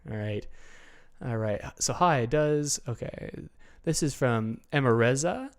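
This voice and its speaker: A man hosts a relaxed livestream Q&A from his computer and answers viewers as he goes. He thinks aloud, breaks off and restarts his sentences, and fills the gaps with "uh" and "um". His voice sits in a middle pitch. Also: measured pace. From Canada. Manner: chatty, thinking aloud with many fillers and restarts. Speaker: channel host answering viewer questions. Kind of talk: casual livestream Q&A.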